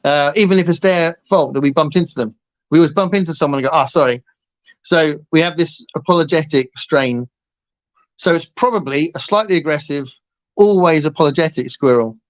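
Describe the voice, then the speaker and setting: The livestream host speaks briskly in a voice on the high side. He jokes around with his viewers, laughs frequently, and drifts from one topic to another, all captured in muffled, lo-fi sound.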